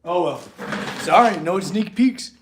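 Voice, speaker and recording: With a high, animated voice at a measured pace, this blacksmith from California chats casually with livestream viewers from his metal shop while doting on his dogs. A little hiss or hum is audible.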